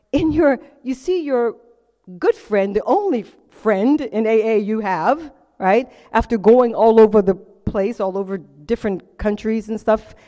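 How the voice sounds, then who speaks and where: A middle-aged woman giving a personal testimony to a recovery group, telling her story in an animated way with acted-out quotes and frequent laughter. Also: on the high side. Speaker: speaker sharing at a recovery meeting. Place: meeting room with audience. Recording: reverberant meeting hall.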